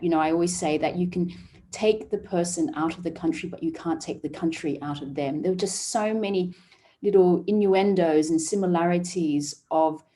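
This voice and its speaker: A woman's voice: sits low, warm tone. A woman guest on a podcast interview, talking earnestly with many "you know"s and restarts. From Vietnamese family raised overseas.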